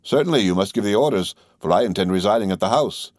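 A man voicing an imperious count who gives his servants orders in a measured tone. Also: on the low side, animated, darkish tone, no room sound, studio quality. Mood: commanding. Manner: commanding, measured. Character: imperious older male count, cold master.

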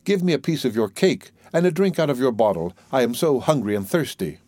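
A little gray-haired old man from a storybook fairy tale, begging for a bite and then granting good luck, as a man reading aloud puts him on. He sounds at an ordinary pitch with a dry, close sound. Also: lively intonation, brisk, a little mellow, no echo, lightly acted. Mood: pleading.

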